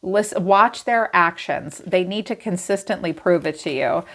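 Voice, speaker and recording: A woman's voice: lowish voice, moderate pace, fairly bright tone. A woman giving a casual tarot reading to camera, chatty and frank, who swears and laughs easily. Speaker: tarot reader.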